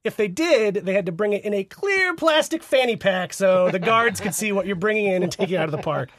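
A man's voice: sits high, lively intonation, fairly quick, a bit bright, dry recording. A man in his thirties co-hosting a podcast, telling a laid-back story and laughing often. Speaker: podcast co-host. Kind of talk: casual chat.

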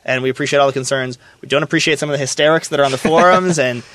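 A man co-hosting a casual podcast, talking in a relaxed, reassuring way. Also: medium pitch, rapid-fire, no echo. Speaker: podcast co-host and studio staffer.

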